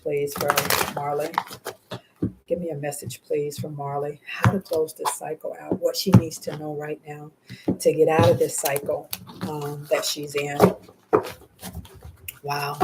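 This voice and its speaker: A woman's voice: deep voice, very noisy. A woman reads tarot on a live stream. She talks in a casual, slangy way, speaking heartfelt words to the viewer and to the spirit guides. Laughter often breaks into her speech. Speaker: tarot reader.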